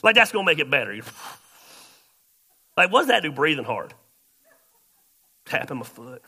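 Gravelly, bright-voiced pastor. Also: male voice, a little high, moderate pace. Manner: animated storytelling with sudden loud outbursts and quiet asides. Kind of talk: sermon storytelling.

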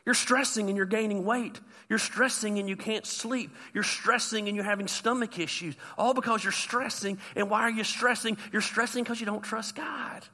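A man preaching with a high, very bright, sharp voice. He is animated, jumping between loud shouts and quiet, gentle asides. His words ring with the long reverb of a big hall. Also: normal speed, hardly any pauses. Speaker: pastor. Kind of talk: sermon.

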